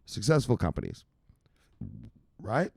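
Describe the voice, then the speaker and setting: A man's voice: medium pitch, wildly swooping pitch, measured pace, gravelly, no room sound, clean studio sound. A man hosting a crypto news show, giving hyped and profane casual market commentary straight to his viewers.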